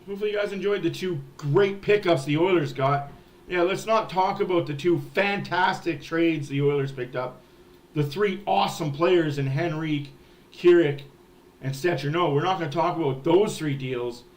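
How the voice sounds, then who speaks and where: A man's voice: fairly high pitch, moderate pace. A man hosting a hockey fan livestream, ranting in a heated, profane way. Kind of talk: ranting sports livestream talk.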